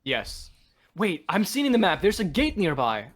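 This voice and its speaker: A man playing a tabletop game online, excitable and quick to laugh. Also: high-pitched. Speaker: player.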